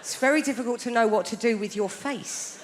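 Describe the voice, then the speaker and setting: A woman's voice: on the high side, a little fast. A woman doing chatty stand-up storytelling who acts out the other people in her stories. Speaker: stand-up comedian. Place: large theatre stage. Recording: reverberant hall with crowd noise.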